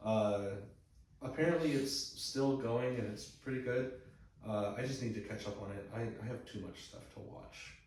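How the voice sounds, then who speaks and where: A man's voice: mid-range voice, normal speed, darkish tone. A man in his twenties from the United States chats casually as a podcast co-host, hesitant and stopping often on "uh". He is recorded at a distance in a strongly echoing room, with faint background noise. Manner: hesitant, many "uh"s and restarts. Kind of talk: casual chat. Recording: echoey room, far from the mic, faint noise.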